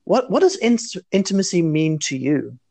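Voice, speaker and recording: A co-host asking an interview question in a curious, measured way. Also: male voice, on the high side, big pitch swings, creaky, very noisy.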